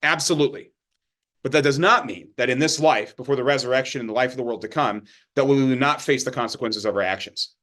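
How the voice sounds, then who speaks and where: A man's voice: mid-range voice, quick pace, fairly bright tone. A man teaching a Bible study in a loose, conversational way, checking in often with his listeners. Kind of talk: informal sermon teaching.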